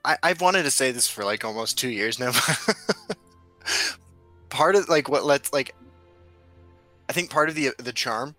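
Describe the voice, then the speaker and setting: A bright, forceful male voice, laid-back and quick to laugh, swearing now and then as he chats. Faint music runs underneath. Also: medium pitch. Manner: laid-back, swears, laughs often, reads chat aloud. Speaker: stream co-host. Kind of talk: casual chat.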